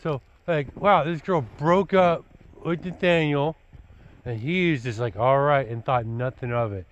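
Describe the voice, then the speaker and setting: A man's voice: a little high, a little slow, lo-fi sound. A man talking casually to his son about dating, blunt and preachy, looping back with filler words like "you know" and "dude". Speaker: father giving his son dating advice. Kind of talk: casual rambling vlog talk.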